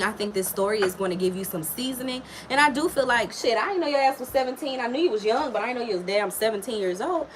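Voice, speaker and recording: A woman's voice: medium pitch, noisy background. Frank, salty-tongued woman tarot reader. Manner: frank, profane and chatty, talking straight to a viewer. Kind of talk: casual live tarot reading.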